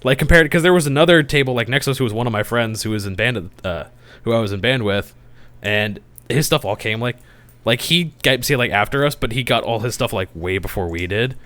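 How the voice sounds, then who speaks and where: A man's voice: mid-range voice, fairly quick, a bit bright. A young man on a casual podcast, telling a story, swearing and laughing as he gets worked up. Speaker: podcast co-host.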